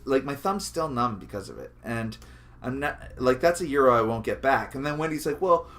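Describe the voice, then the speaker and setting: A man co-hosting a podcast, telling stories in a joking, animated way and swearing casually. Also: mid-range voice, brisk. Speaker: podcast co-host. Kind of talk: casual chat.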